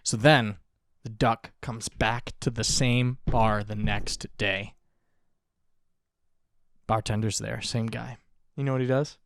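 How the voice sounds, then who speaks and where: A young man co-hosting a podcast, telling a joke in casual chat, laughing often and jumping into high voices for his characters. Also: fairly even intonation, slow pace, vocal fry, long pauses, no echo. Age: young adult. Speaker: podcast co-host. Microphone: close podcast mic.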